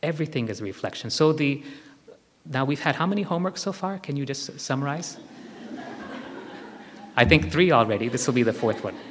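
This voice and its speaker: In a large hall with long reverb and slight background noise, a man with a mid-range voice gives a spiritual teaching to a live group. He's animated and fairly quick, pausing often, instructing gently and circling back to repeat key phrases.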